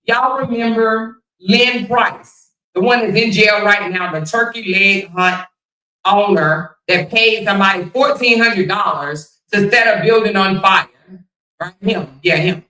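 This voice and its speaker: A woman's voice: mid-range voice, a little slow, pushed and bright, far from the mic. A woman hosting a casual commentary livestream, talking bluntly and profanely and firing rhetorical questions at her viewers. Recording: echoey room, voice somewhat off mic.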